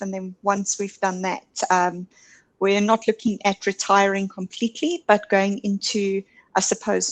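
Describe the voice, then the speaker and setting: A woman's voice: medium pitch, poor audio. A woman who is a client at a psychic reading, answering questions hesitantly with frequent "um.".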